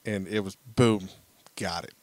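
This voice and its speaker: A man's voice: on the low side, unhurried, no room sound. A man in his thirties co-hosting a podcast, telling a family story and acting out the voices. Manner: animated storyteller acting out quotes. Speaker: podcast co-host. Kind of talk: casual chat, storytelling.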